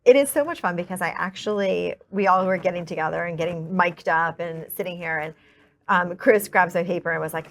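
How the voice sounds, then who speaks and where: A woman's voice: lowish voice, fairly bright tone, slight background noise. A woman hosting a podcast, chatting in an upbeat, rambling way with fillers. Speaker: podcast host. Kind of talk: casual podcast chat.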